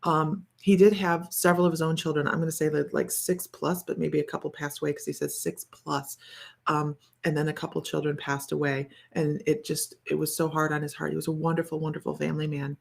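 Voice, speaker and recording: Talking to camera during an informal psychic reading, this woman muses aloud in a rambling, conversational way, correcting herself and using lots of fillers as she relays impressions with a wondering air. Her voice is deep, creaky and a bit breathy, quite flat in pitch, and fairly quick.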